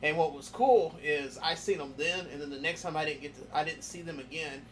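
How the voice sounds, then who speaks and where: A man on a podcast who gets loud and excited telling concert stories. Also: on the high side, a little fast, slight background noise. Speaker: podcast host. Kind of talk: casual podcast chat.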